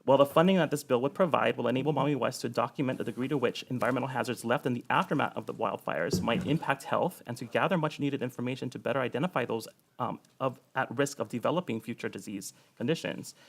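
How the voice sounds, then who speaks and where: A man's voice: mid-range voice, gravelly, a little hiss or hum. A man reading prepared testimony at a public hearing. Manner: reads quickly from a prepared statement.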